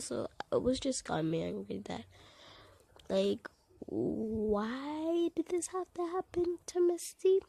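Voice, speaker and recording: Hushed, husky-voiced woman vlogger. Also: medium pitch. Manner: soft, hushed and emotional. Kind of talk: vlog voiceover. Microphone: recorded voiceover.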